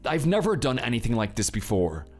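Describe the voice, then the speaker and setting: A man's voice: mid-range voice, very animated, fairly quick, soft background music. A man playing a cold, defensive husband. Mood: withdrawn. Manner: curt, defensive and withdrawn. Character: grieving, cold husband Theo. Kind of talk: scripted drama voice acting.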